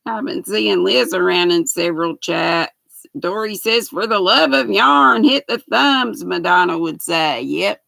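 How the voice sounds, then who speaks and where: A woman's voice: mid-range voice, gravelly, a bit bright, dry recording. An older woman, hosting a casual livestream and greeting viewers by name as she reads the chat aloud. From United States. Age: 60s. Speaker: livestream host.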